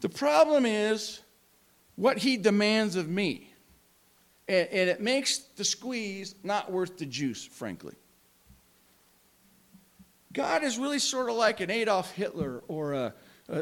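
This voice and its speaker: A man preaching a sermon with passion, swinging between loud emphasis and hushed, quiet moments. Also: high voice, sing-song, slow pace, long pauses. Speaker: pastor.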